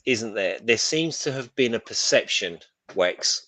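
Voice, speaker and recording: A man co-hosting a casual pop culture talk show, animated and swearing freely. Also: mid-range voice, unhurried, no echo. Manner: animated, swears freely, acts out silly voices. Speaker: podcast co-host. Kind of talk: casual chat.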